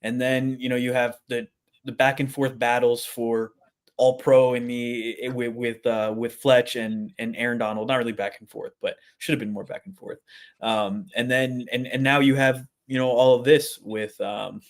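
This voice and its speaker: A man's voice: mid-range voice, level tone, normal speed. A man co-hosting a casual sports podcast, rambling with many restarts and laughing easily. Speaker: podcast co-host.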